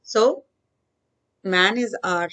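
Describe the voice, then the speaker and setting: A woman teaching grammar. She reads each worksheet example slowly, then explains the answer step by step. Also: mid-range voice, fairly bright tone. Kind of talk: worksheet walkthrough lesson.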